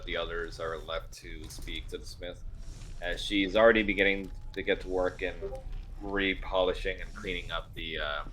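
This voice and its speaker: A man narrating as game master of a tabletop game, in a relaxed way with fillers. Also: deep voice, a little hiss or hum.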